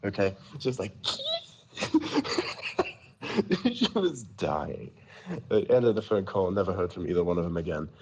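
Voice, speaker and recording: Low-pitched and sing-song, a man with a darkish tone shares prank-call stories unhurriedly over a little hiss or hum. He's a voice-chat storyteller who rambles, chuckles and keeps stammering into restarts.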